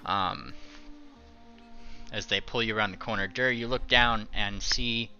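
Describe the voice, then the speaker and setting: A man's voice: lowish voice, fairly even intonation, a little slow, bright, forceful tone, dull audio, faint music behind. A man narrating as game master of a tabletop game in a loose, joking way, full of fillers.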